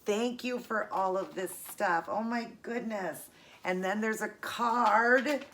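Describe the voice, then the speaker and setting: A woman's voice: medium pitch, slow pace, fairly bright tone, slight background noise. A middle-aged woman vlogger chatting casually and earnestly as she unboxes gifts, gushing and emotional.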